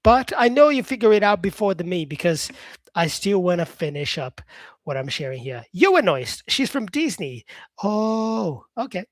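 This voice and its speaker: High-pitched and swinging widely in pitch, this man's voice comes through with no room sound. He's an English teacher with an Australian-influenced accent, talking with live-stream viewers in a relaxed, chatty way, full of "yeah" and "um" fillers and frequent use of "mate".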